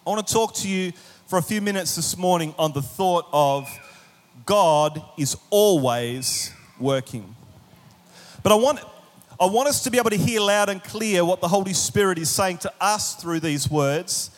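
A man preaching a sermon in an animated way, with humorous asides and acted-out voices. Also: high-pitched, normal speed, big-room sound. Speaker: pastor.

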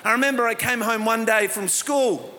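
A man preaching a sermon as a pastor, telling stories and rising to passionate, shouted appeals. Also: extremely high pitch, normal speed, noisy background. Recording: reverberant hall.

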